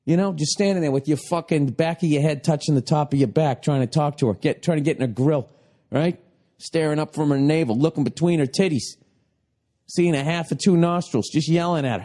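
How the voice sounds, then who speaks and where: A man's voice: on the high side, brisk, warm tone. A middle-aged man hosting a podcast, ranting in a profane, comedic way and slipping into mocking voices. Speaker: podcast host.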